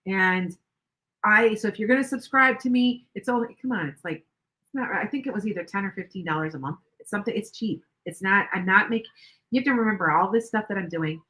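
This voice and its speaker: A woman's voice: mid-range voice, brisk, bright, forceful tone, poor audio. An older woman hosting a tarot livestream, chatting casually in a rambling way with many restarts. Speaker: tarot reader livestream host.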